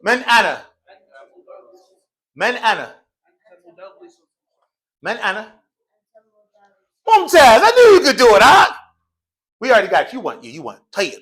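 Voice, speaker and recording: A man's voice: very high-pitched, huge pitch swings, brisk, long pauses, a bit bright. Guy teaching arabic to a class, jokey and slangy, laughs a lot, voice jumps all over. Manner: playful, joking, laughs often; slangy casual speech. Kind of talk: classroom Arabic lesson, call and response. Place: mosque classroom.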